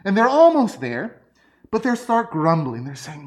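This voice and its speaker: A man's voice: on the high side, unhurried. A man preaching a sermon, telling personal stories. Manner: lively storytelling, personal anecdotes.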